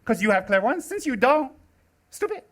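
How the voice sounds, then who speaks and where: Brief: American man in his forties, high-pitched, teaching dharma with sharp sarcastic teasing. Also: normal speed. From United States. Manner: teasing, sarcastic, animated delivery. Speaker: Buddhist teacher. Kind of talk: live dharma talk.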